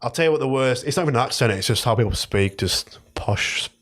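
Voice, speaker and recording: A man's voice: mid-range voice, animated, quick pace, a bit bright. A young man, co-hosting a podcast in casual chat, blunt and sweary, often restarting his sentences. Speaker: podcast co-host.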